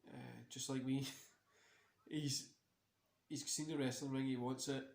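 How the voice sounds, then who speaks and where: A man's voice: medium pitch, level tone, slow, vocal fry, a little mellow. A tired man hosting a casual wrestling watch-along, rambling and swearing freely between many fillers. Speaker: host. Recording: roomy echo.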